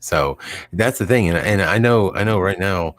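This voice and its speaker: Heard with no echo, a man with a deep voice speaks at a moderate pace while hosting a live stream. He chats casually and rambles, chuckling along and giving dogs silly voices when he quotes them.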